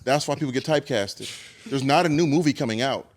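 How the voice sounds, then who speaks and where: A man's voice: mid-range voice, fast talker. A man in a casual podcast chat who is blunt and explains things matter-of-factly.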